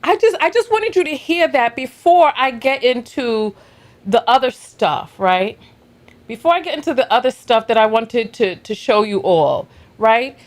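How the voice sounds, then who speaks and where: Exasperated high-voiced woman commentator. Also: sing-song, a little slow. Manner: indignant, exasperated. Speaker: commentary host. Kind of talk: reaction commentary.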